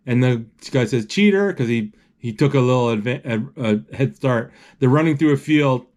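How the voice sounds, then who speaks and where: Watching a movie, this man gives a running play-by-play in a medium-pitched, darkish voice. His delivery is halting, full of fillers and restarts as he hunts for the right words.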